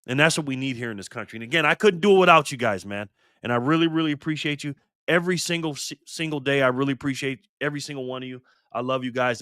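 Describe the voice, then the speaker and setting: A man's voice: medium pitch, bright, forceful tone, no room sound, studio quality. An older man hosting a casual live stream, fired up and swearing, greeting viewers in the chat by name. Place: garage.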